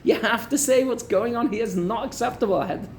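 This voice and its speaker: A man who is a rabbi, giving a Torah class as a lively storyteller who breaks in with joking asides. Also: very high-pitched, a little fast, vocal fry, slight background noise.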